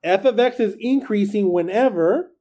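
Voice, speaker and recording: Chatty high-voiced math teacher. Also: male voice, moderate pace, mellow. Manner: chatty, checks in with students. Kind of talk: recorded classroom lecture.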